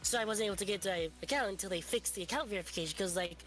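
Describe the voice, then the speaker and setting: A woman guest on a game stream, rambling through goofy stories and quick asides. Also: mid-range voice, music in the background. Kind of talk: casual chat while gaming.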